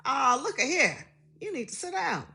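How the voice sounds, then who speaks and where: A woman's voice: sits high, big pitch swings, normal speed, creaky, pushed and bright, pitched above the performer's own voice, heavily acted. A woman voicing her stern older mother from Alabama, scolding in a country Southern drawl.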